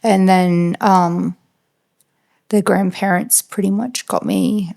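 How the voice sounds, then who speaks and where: A woman with an Australian accent, a podcast guest, telling a personal story in a halting, flat way with lots of fillers. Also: mid-range voice, gravelly. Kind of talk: casual storytelling.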